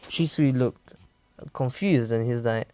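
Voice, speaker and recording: A man's voice: mid-range voice, takes it slowly, warm tone, no echo. A man casually narrating a fan story, rambling with many fillers and restarts.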